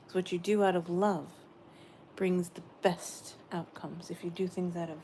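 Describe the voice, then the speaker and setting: Soft-spoken lady channeling spirit messages, lowish voice, bit of hiss behind. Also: steady tone, moderate pace. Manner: gentle, meandering, repeats phrases.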